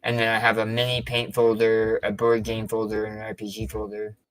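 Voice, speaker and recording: A man's voice: fairly low pitch, completely flat delivery, brisk, no room sound, low-quality recording. Curious man with a dry, close voice. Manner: tentative, asks follow-up questions and checks what he heard. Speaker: guest asking for help. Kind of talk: casual question-and-answer chat.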